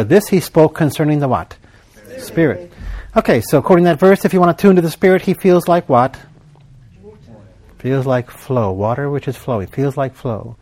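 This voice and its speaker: A man's voice: fairly high pitch, lively intonation, a little mellow. Emphatic male preacher with a call-and-response style. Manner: call-and-response, prompting the congregation to fill in words; emphatic, with slow deliberate stretches. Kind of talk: sermon.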